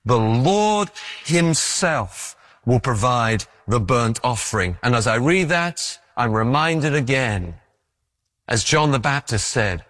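A man's voice: mid-range voice, slow pace, no echo, studio quality. A man preaching a conversational sermon who acts out the stories he tells. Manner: conversational and animated, acting out stories.

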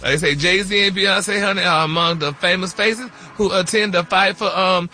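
A man's voice: high-pitched, normal speed, bright, forceful tone, faint music behind. A man hosting a playful gossip segment, calling everyone honey and baby. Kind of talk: playful radio show banter.

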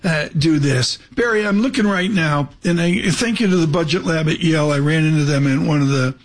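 A man hosting a live business broadcast, talking in a rapid, rambling, chatty way. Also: a little high. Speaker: radio show host.

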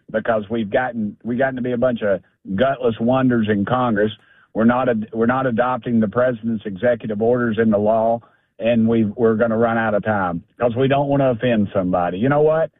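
A man with a drawl comes through a thin, tinny phone line, the sound dry and close with no room around it. He talks blunt and folksy at an ordinary pitch, piling up repeated phrases as his anger builds. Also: steady tone, fairly quick, no echo. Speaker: congressman calling in. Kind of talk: fired-up political call-in.

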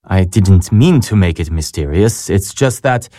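An earnest young devout gentleman. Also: low voice, animated, unhurried, dry recording, studio quality. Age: young adult. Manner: earnest and polite, hesitant when moved. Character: earnest young male law graduate, devout and respectful. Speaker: young man seeking priesthood. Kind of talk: radio drama acting.

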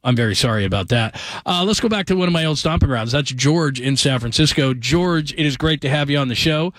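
A man's voice: a little high, animated, brisk, a bit bright, dry recording. A man hosting a late-night sports call-in radio show, chatting loosely with many "uh" fillers and easy laughs.

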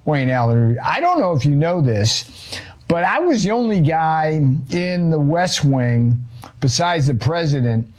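A male author and economist, a guest on a talk show, telling an animated story and acting out quotes, with casual swearing. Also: fairly high pitch, unhurried.

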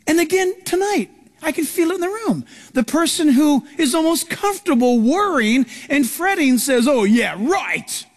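A man's voice: extremely high pitch, expressive, moderate pace. A man preaching as a pastor, telling stories animatedly and acting out the voices of people in them. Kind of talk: sermon. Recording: live sermon in a reverberant hall.

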